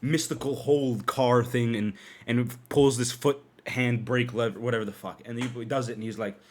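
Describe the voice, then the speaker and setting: A young man telling a rambling story on his own podcast, swearing freely, laughing, and swinging between loud outbursts and low mumbles. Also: steady tone, normal speed, slight background noise. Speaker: podcast host.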